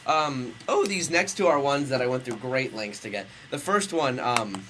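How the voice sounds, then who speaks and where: A man's voice: mid-range voice, animated, moderate pace, fairly bright tone, a little hiss or hum. A man co-hosting a casual radio show, chatty and rambling with lots of fillers. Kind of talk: casual radio chat and reading fan fiction.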